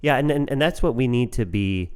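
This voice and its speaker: A man's voice: mid-range voice, expressive, brisk, a little mellow, smooth. A young man co-hosting a Christian podcast, talking earnestly and building into fervent, prayer-like lists. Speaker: podcast co-host. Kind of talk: casual Christian podcast conversation.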